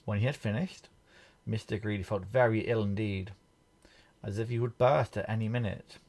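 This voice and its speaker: Male picture-book reader, low and gravelly, gentle, points out the pictures. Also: steady tone, moderate pace. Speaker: storybook reader. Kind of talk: children's picture book reading.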